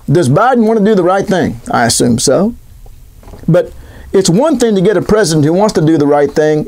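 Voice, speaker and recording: High-voiced sarcastic male commentator. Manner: sarcastic, animated, rhetorical questions. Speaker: political commentator. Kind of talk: political commentary monologue.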